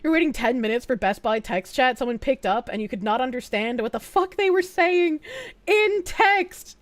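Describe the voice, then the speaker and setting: A woman's voice: high-pitched, expressive, normal speed. A young woman streaming, chatting casually with her viewers in a rambling, profane way, with lots of fillers and frequent giggles. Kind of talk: casual livestream chat.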